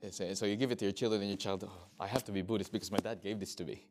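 A man's voice: lowish voice, very fast, background noise. A middle-aged man from Australia speaking as a missionary at a workshop, telling anecdotes and acting out conversations with frequent restarts. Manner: animated storyteller, acts out dialogue, frequent restarts. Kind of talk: informal workshop talk.

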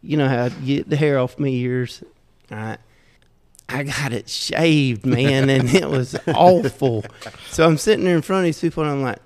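A man's voice: medium pitch, normal speed. A middle-aged man from Southeast Georgia with a Southern accent, telling folksy, self-deprecating stories in casual talk and chuckling often. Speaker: podcast guest. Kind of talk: casual storytelling. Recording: roomy with long reverb.

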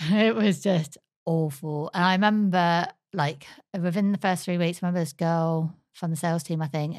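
An English woman in her thirties co-hosting a podcast, telling a personal story in an animated, chatty way full of fillers. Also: lowish voice, no echo, studio quality. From England. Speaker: podcast co-host. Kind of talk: casual storytelling chat.

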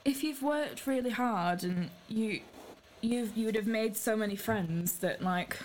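A young woman guest on a podcast, talking in a lively, playful way. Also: on the high side, a little slow, a little hiss or hum. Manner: animated, playful. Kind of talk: casual chat.

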